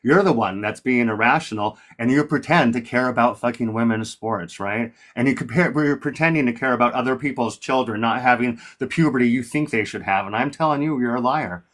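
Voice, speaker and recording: A man's voice: mid-range voice, fairly quick, few pauses, fairly bright tone. A man hosting a live-stream debate, combative and profane, talking over his guest.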